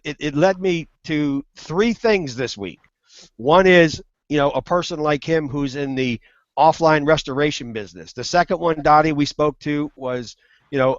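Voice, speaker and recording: Man, slightly high voice, animated storyteller on a muffled video call. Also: no echo. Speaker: guest on a web hangout. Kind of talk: casual storytelling. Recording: muffled web call audio.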